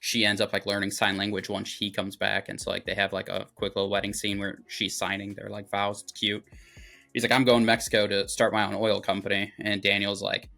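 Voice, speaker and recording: Young guy recapping a movie, lowish bright voice, lots of "like", swears a bunch. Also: level tone, brisk, gravelly. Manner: rambling, filler-heavy, profane. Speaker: movie review podcast host.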